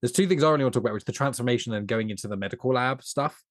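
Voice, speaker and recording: A man's voice: mid-range voice, racing, dry recording, clean studio sound. A man co-hosting a podcast, discussing a film in an earnest, analytical way and talking at length. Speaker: podcast co-host.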